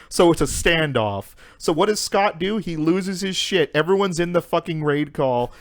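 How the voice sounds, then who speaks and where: Animated young man telling a story. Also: fairly high pitch, moderate pace, hardly any pauses. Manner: animated retelling, heavy swearing and fillers. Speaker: podcast co-host. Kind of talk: casual chat, storytelling.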